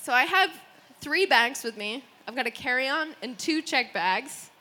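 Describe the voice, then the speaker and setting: A young woman tells a rambling story to a group in a high voice, laughing through her lines and cursing freely. Her tone is bright and sharp, and she jumps into loud, dramatic voices when she quotes people. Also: measured pace. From United States. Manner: animated, laughing often, swearing, acting out quotes.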